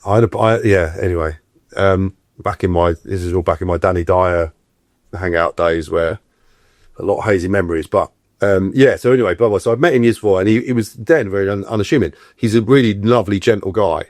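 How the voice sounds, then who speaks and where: A middle-aged actor guest, low-pitched and talking a little fast, tells stories in a casual interview. Animated as he goes, he acts out the voices he quotes, and the clean studio sound has no room sound.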